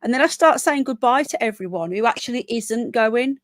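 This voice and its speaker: A woman's voice: on the high side, lively intonation, moderate pace, no room sound. A British woman hosting a casual live stream, chatting at length and reading figures aloud with plenty of fillers. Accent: British English. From Britain. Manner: chatty, rambling, reads results aloud with many fillers. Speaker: livestream host.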